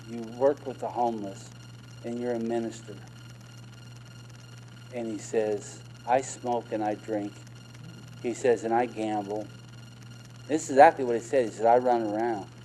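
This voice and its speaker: A middle-aged man preaching a personal testimony from the pulpit, with a voice of ordinary pitch. He retells conversations with emphatic repetition. A faint hum sits under the recording. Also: dark tone, low-quality recording. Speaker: minister. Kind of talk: testimony sermon.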